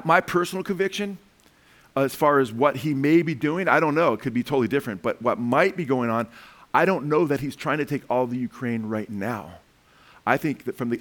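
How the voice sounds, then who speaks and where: A middle-aged man preaching about world events, talking in a rambling, animated way with frequent restarts. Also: medium pitch. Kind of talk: sermon with commentary.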